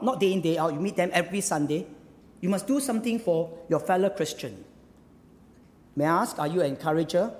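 A man's voice: high-pitched, darkish tone, in a large hall. A male pastor preaching a sermon, emphatic, repeating phrases and firing rhetorical questions.

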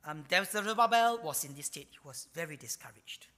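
A man preaching a sermon, often dropping to hushed asides and repeating himself while he hunts for words. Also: a little high, lively intonation, fast, few pauses, in a large hall. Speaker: pastor.

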